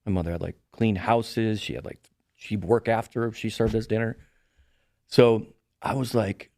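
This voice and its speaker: In a dry, clean studio recording, a middle-aged man speaks unhurriedly in a lowish voice. As a real estate broker on a podcast, he spins stories casually and acts out the people he quotes with lots of animation.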